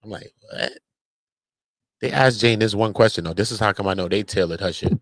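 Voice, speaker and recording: A man giving casual online commentary, animated and slangy, often breaking into mocking impressions. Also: lowish voice, quick pace, dry recording.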